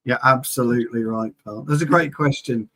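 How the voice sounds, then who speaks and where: A man co-hosting a football chat show, loud in his jokes and quick to swear. His voice is husky and sits at an average pitch. He keeps the talk rowdy and loose. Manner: boisterous, joking, swears freely. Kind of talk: casual chat.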